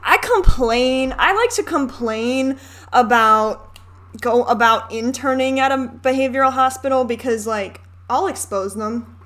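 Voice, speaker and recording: A chatty young woman hosting a reaction video, talking over a film in a loose, candid way. Her voice sits a little high, and she rants and swears between asides. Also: a little slow, a bit bright. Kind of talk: casual commentary over a film.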